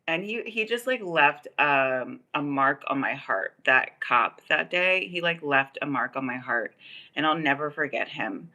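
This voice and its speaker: A woman's voice: low-pitched, animated, a little slow, pushed and bright. A woman hosting a casual livestream, telling a long personal story in a rambling way, full of "like" and "um". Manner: rambling, filler-heavy, many "like" and "um". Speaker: livestream host. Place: Los Angeles area.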